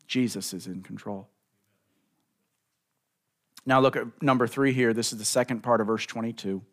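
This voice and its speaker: A man preaching a sermon, building to emphatic lines and drawing out key words slowly, speaking directly to the congregation. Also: mid-range voice. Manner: preaching with rising emphasis and slow drawn-out stresses; addresses the congregation directly as folks. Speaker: pastor.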